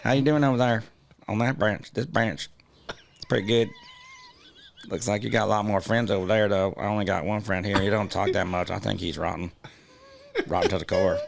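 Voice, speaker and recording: Man putting on a folksy Georgia-accented peach, low gravelly voice. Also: fairly even intonation, a little fast, long pauses, slight background noise. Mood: friendly. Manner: folksy, drawling, friendly. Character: friendly chatty male peach on a tree.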